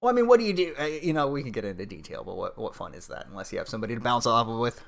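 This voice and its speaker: A man's voice: mid-range voice, big pitch swings, rapid-fire, vocal fry, a bit bright. Profane, ranting male stream host. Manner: angry, crude ranting with rhetorical questions. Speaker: livestream host. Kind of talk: profane political commentary stream.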